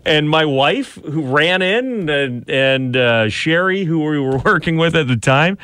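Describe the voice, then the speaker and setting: Lively laughing man telling stories. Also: on the high side, a little slow, smooth, dry recording. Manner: animated storyteller, laughs often, acts out his child's lines. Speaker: radio show host. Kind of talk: casual morning show banter.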